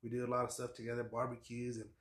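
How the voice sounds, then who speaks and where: A man, a fishing guide on a podcast, telling stories in a casual, lively way and acting out what people said. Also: mid-range voice, very fast, reverberant, slight background noise. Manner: animated storyteller, acts out quotes, laughs often. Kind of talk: casual storytelling chat.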